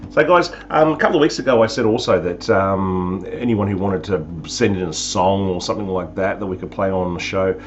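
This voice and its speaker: A man's voice: deep voice, brisk, few pauses, slight background noise. An Australian man hosting a live talk show, chatting casually with jokes and sarcasm. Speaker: show host. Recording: dull lo-fi sound, faint music.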